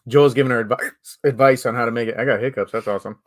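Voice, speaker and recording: A man hosting a casual live-stream chat, talkative and quick to laugh. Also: mid-range voice, steady tone. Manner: chatty, laughs easily. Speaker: live show host.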